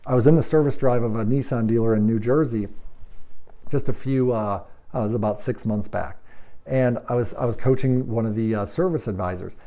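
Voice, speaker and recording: A man's voice: mid-range voice, a little fast, warm tone. A man coaching automotive service managers, talking emphatically with rhetorical questions and acting out bits of dialogue. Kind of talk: training talk to shop managers.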